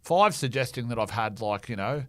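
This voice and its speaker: A man's voice: medium pitch, animated, moderate pace. A man, a comedian guest on a podcast, talking casually and hedging with lots of fillers. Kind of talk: casual chat.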